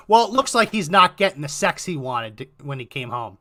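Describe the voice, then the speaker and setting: Male podcast co-host, higher bright voice, reads documents aloud with wry commentary. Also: big pitch swings, brisk, few pauses.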